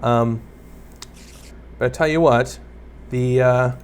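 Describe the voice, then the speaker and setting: Taking it slowly with a steady tone, a young man offers loose Let's Play commentary on a block-building game, joking at his own expense and chatting with viewers and the creatures around him. He's a gaming YouTuber with an ordinary mid-range voice, and faint background hum lingers throughout.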